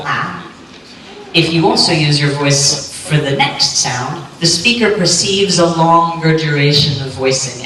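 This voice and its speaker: A woman giving a clear, lightly joking talk on pronunciation to a live audience at a conference. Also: sits low, a bit bright. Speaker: conference speaker on pronunciation teaching. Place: lecture hall. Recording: echoey hall, distant mic, faint hum.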